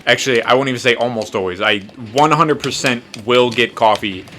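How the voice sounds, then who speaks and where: A man's voice: mid-range voice, fairly quick, pushed and bright, slight background noise. A man in his twenties telling a rambling, profane, self-mocking story in a casual chat while gaming. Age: 20s. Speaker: podcast host.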